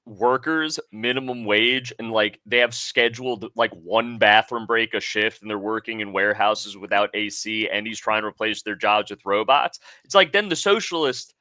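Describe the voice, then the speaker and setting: A man with a bright, forward voice chats loosely on a podcast, animated and joking, with swearing dropped in freely. The sound is close and dry, with no room around it. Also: on the low side, normal speed, hardly any pauses, dry recording. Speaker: podcast guest. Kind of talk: casual podcast chat.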